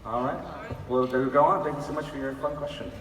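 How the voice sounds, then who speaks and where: A man moderating a convention panel, keeping things moving briskly, recorded from the audience. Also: mid-range voice, steady tone, noisy background. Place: large convention hall. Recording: echoey room, far off, loud crowd.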